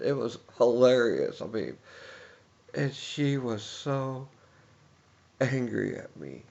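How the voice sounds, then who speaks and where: A man's voice: mid-range voice, sing-song, unhurried, creaky, muffled recording. A man giving a personal tribute speech, rambling through anecdotes and chuckling often.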